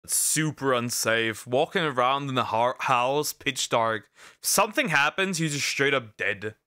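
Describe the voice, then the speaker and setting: Bright, animated man joking crudely. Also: mid-range voice, a little slow, smooth. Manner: crude, joking, loud outbursts. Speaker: reaction streamer. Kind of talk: casual reaction commentary.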